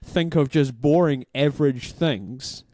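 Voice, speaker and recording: A man's voice: medium pitch, a little slow, darkish tone, no echo. A man co-hosting a casual podcast, teasing his partner with dry humor. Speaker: podcast co-host. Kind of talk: casual chat.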